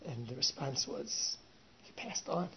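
A man telling a story with lively energy, often laughing and slipping in Yiddish words. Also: medium pitch, measured pace, gravelly. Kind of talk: animated oral storytelling. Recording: dull lo-fi recording with faint hiss.

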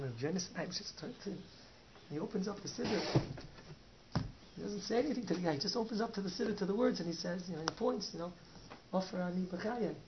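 Man giving a Yiddish-flavored Torah talk. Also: sits high. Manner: sprinkles Yiddish and Hebrew words, swings from soft to loud. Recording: dull lo-fi recording with faint noise.

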